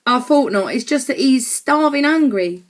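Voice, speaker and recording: A woman's voice: high-pitched, expressive, normal speed, pitched above the performer's own voice. A woman reading an audiobook, voicing a grumpy, bossy young boy who speaks curtly. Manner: curt and snappy.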